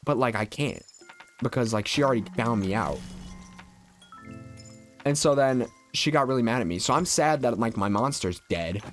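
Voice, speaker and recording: A man's voice: medium pitch, lively intonation, moderate pace, long pauses, fairly bright tone, faint music behind. A young adult man streaming a video game, chatting casually and rambling through a childhood story with lots of filler words. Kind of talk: casual storytelling while gaming.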